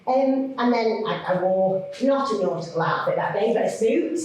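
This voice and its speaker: A woman, a children's author chatting to an audience in a lively, self-mocking way. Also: medium pitch, moderate pace. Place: large hall. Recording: echoey hall from far off.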